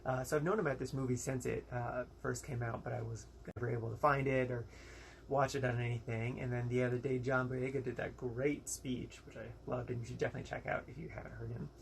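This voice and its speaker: A man's voice: mid-range voice, level tone, fast talker, vocal fry, a little hiss or hum. A young American man giving a casual, rambling movie review, frank and exasperated, with lots of fillers and quoted asides. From United States.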